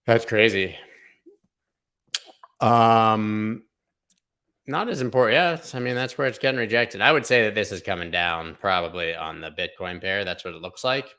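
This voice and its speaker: A male show host talks through trading charts in a loose livestream ramble, cracking offhand jokes as he goes. His voice sits a little low but comes across bright and pushy, with a punchy edge to every remark. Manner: rambling, jokey, thinks aloud. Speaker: crypto market analyst host. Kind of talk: casual livestream chart commentary.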